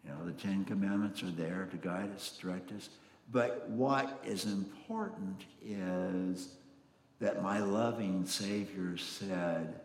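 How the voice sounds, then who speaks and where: A man preaching a sermon in a slow, earnest, emphatic way, recorded in a church sanctuary. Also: low voice, steady tone. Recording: echoey hall, roomy reverb.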